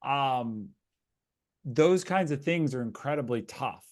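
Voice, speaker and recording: A man's voice: medium pitch, expressive, takes it slowly, a little mellow. A man hosting a live webinar, talking loosely and telling stories, often restarting his sentences. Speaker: host. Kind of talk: casual webinar conversation.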